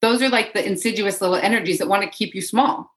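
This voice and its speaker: A woman's voice: mid-range voice, quick pace, poor audio. A woman who works as an energy healer, explaining as a podcast guest in an earnest way, often repeating phrases for emphasis. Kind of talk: conversational interview.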